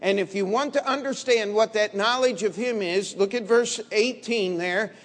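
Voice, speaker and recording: Blunt, high-voiced male preacher in a reverberant hall. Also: moderate pace. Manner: blunt, combative, swings from low murmurs to loud emphatic bursts. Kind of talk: sermon.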